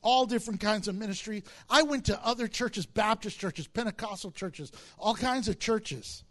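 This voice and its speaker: High-voiced animated male pastor. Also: normal speed. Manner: animated storytelling with jokes and acted-out quotes. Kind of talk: sermon.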